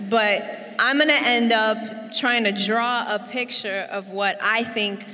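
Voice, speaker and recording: A woman's voice: a little high, measured pace, pushed and bright. A woman co-leading a sermon in a chatty, conversational way with many fillers. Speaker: co-speaker at a sermon. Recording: long reverb in a large church hall.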